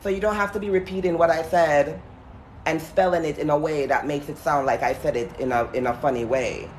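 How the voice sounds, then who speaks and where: A man's voice: fairly high pitch, steady tone, brisk, a little hiss or hum. A man with a lisp, chatting to his viewers while exploring an abandoned building outdoors. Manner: chatty, addresses viewers directly, nervous asides. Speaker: paranormal vlogger. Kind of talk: casual livestream talk to viewers.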